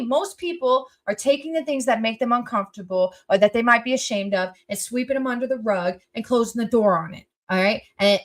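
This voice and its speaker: Blunt, emphatic woman vlogger. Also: high voice. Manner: emphatic, blunt, swears freely; swings between loud outbursts and soft quiet asides. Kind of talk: casual personal talk to viewers.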